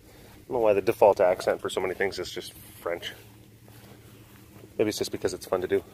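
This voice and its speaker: A man who works with big cats, chatting and joking as he walks outdoors around a sanctuary, cooing softly at the animals. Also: low-pitched, fairly even intonation, brisk. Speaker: big cat keeper at a wildlife facility. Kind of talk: casual walking vlog. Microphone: handheld phone.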